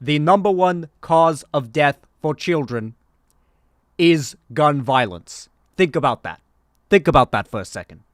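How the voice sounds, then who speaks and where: A man doing an impression of an older male politician, declaiming loudly and hammering each point. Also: on the high side, expressive, a little slow, no echo, studio quality. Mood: emphatic.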